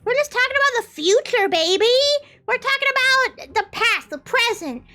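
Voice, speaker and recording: A woman's voice: very high voice, expressive, normal speed, pushed and bright. A young woman streaming a game in casual chat, chaotic and playful, trailing off and restarting with silly bits. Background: faint music.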